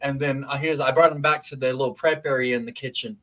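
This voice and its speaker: A man's voice: mid-range voice, fast. A man casually telling a wild story on a talk stream, swearing a lot and acting out what people said. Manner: profane, animated, acts out quotes.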